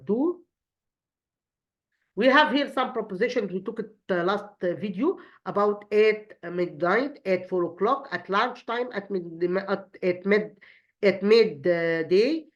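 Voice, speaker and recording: Woman, English teacher, hesitant with many fillers, slightly muffled lo-fi recording. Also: medium pitch. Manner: halting, many fillers and restarts. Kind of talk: explaining a grammar lesson.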